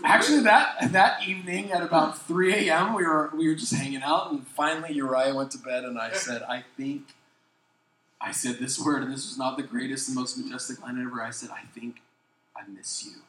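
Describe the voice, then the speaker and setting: Male pastor, young adult, animated storyteller, bright forceful voice, echoey hall. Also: mid-range voice, fairly quick, slight background noise. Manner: animated, laughing storyteller acting out quotes. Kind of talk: storytelling sermon.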